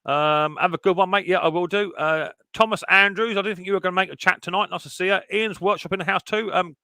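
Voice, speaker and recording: A man's voice: high voice, fairly even intonation, fast talker, pushed and bright, clean tone, no room sound, studio quality. A man hosting a casual live stream chat, greeting viewers one by one and reading their messages aloud.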